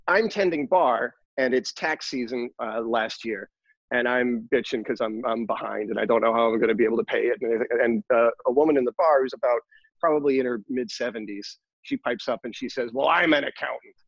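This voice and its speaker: A man's voice: mid-range voice, a little fast, no echo, lo-fi sound. A man co-hosting a podcast in casual chat, telling rambling, joking stories. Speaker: podcast co-host.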